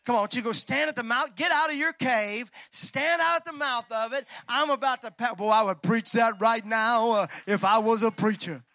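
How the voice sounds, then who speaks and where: A high-voiced man preaches a sermon, bright and forceful in tone. He swings from loud rallying calls down to hushed, near-whispered lines, dropping folksy jokes to his congregation. The sound is close and dry. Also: moderate pace, few pauses, no room sound. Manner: folksy, joking asides to the congregation. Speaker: pastor.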